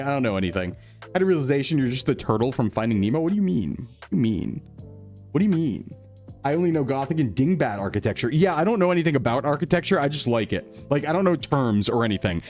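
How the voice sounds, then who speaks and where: A man from New England streaming live, chatting casually with his chat and thanking viewers in an upbeat way that often jumps high with excitement.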